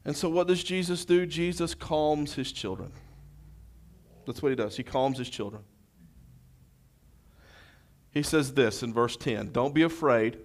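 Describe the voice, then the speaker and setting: A man preaching a sermon as pastor, with impassioned, repetitive phrasing that builds to shouting. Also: a little high, steady tone, measured pace, pauses often. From United States.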